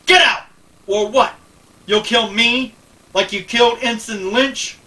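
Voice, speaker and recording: Brief: defiant sharp-tongued woman, read by a man, bright tone, far-off mic, faint noise. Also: a little high, animated, brisk. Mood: taunting. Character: blunt, scornful young woman, defiant.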